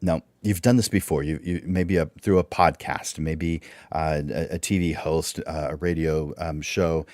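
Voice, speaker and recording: A man's voice: rumbling low, fairly even intonation, unhurried, hardly any pauses, a little mellow, no room sound, studio quality. A man presenting a livestreamed speaking workshop, instructive and full of rhetorical questions.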